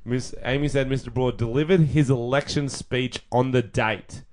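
A man's voice: medium pitch, steady tone, moderate pace, a little mellow. A young man, co-hosting a podcast in casual, joking banter. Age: young adult. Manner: joking, banter-heavy, laughs at own jokes. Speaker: podcast co-host.

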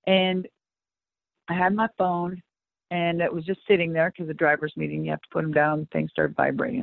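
A middle-aged woman guest tells her story in a lively, swearing voice, playing out what each person said. Her voice comes through a tinny, phone-like line. There is no room sound behind it. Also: on the low side, normal speed, vocal fry, no room sound. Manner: animated and profane, acting out both sides of conversations. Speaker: interview guest, monster truck driver. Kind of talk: casual storytelling in an interview.

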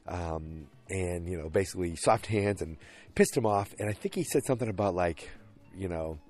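This is a man with a somewhat low voice talking casually through a show's plot. He wanders from point to point, filling the gaps with ums and likes and doubling back on his own sentences. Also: expressive, moderate pace, darkish tone, soft background music. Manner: rambling, many fillers and restarts. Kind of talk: casual episode recap.

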